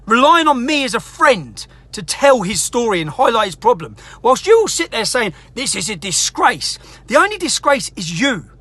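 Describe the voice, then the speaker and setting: Woman, angry rant, indignant, high voice, bright tone. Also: very animated, normal speed, few pauses. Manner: heated, indignant, swearing. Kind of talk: angry ranting monologue.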